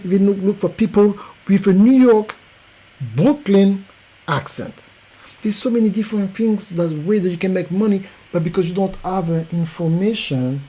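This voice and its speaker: A man with a French accent giving an emphatic, repetitive promotional pitch as a podcast coach. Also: warm tone, husky, low-quality recording.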